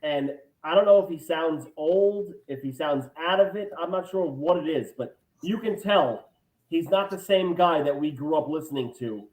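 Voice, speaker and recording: A man co-hosting a podcast in casual chat, lively and quick to chime in. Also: a little high. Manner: lively, chatty, eager to chime in. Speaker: podcast co-host. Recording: echoey room.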